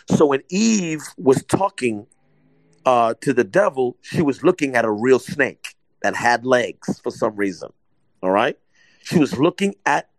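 A man's voice: medium pitch, dry recording, rough recording. A man preaching an informal sermon, emphatic and repetitive, often checking whether listeners are following. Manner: emphatic, repeats points, asks listeners if they follow. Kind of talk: conversational sermon teaching.

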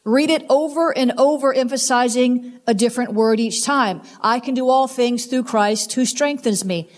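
A high-pitched woman delivering a sermon. She drives her points home with repeated, emphatic commands and speaks straight to her listeners. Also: normal speed. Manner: emphatic, repetitive exhortations. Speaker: preacher.

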